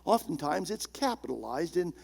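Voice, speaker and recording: A male pastor preaching a sermon, emphatic, slowing down and dropping low and soft on key words. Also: sing-song, gravelly.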